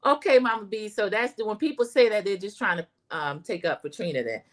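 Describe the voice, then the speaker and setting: A woman's voice: medium pitch, brisk. A woman hosting a casual livestream that recaps a reality show, talking straight to her viewers as y'all and reading their chat comments aloud.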